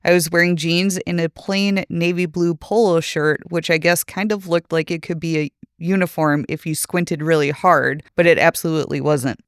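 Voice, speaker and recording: Smooth-voiced man reading a story. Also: a little high, normal speed, few pauses, no room sound, studio quality. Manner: steady storytelling read with quoted dialogue. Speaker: podcast co-host.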